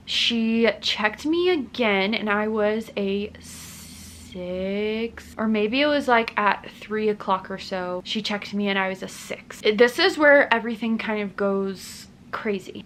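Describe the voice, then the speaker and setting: A young woman in her twenties, a family vlogger, earnestly tells the camera about a personal experience in a casual, chatty way, with plenty of "like" fillers. Her mid-range voice is a bit bright, with a little hiss or hum in the audio.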